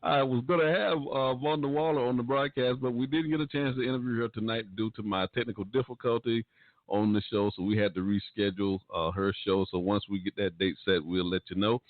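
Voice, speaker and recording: A man's voice: medium pitch, steady tone, a little fast, no room sound. A man hosting a gospel radio show, signing off in a folksy, preacher-like cadence. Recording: dry, phone-like.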